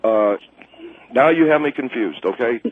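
A man's voice: medium pitch, expressive, normal speed, dry recording. A man calling in to a radio show, flustered and apologetic, stumbling over his words and repeating ma'am. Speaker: caller. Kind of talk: call-in radio prank call. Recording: tinny phone line.

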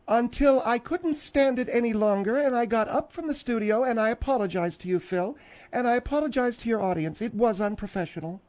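A bossy, domineering woman who talks slowly and primly and snaps orders at her partner, as a man puts her on. The comic radio bit holds her commanding tone throughout. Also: very high-pitched, a little mellow, pitched above the performer's own voice. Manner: commanding, slow and prim, snapping orders. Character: bossy domineering middle-aged woman caller, scolding. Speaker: radio show guest. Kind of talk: comedic radio character acting.

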